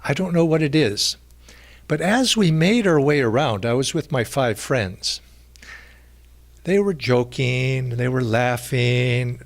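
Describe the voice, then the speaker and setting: A mild, gentle man telling a personal spiritual story at a retreat, in a halting way with many restarts and fillers. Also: medium pitch. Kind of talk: reflective storytelling talk.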